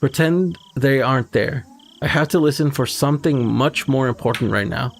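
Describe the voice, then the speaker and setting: A man voicing a panicked teenage girl sneaking through a school at night, muttering tense self-talk under his breath in his own gravelly voice. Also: medium pitch, moderate pace, a little hiss or hum, lightly acted.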